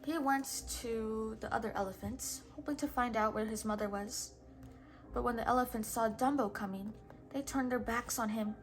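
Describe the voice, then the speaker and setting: A woman reading a children's storybook aloud in a gentle, measured way. Her voice sits on the higher side, and soft music plays underneath. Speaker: storybook reader.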